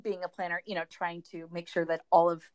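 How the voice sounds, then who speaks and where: A woman's voice: on the low side, little pitch movement, fast talker, smooth. A woman wedding planner chatting on a podcast, emphatic and conversational as she gives advice. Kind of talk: casual podcast chat.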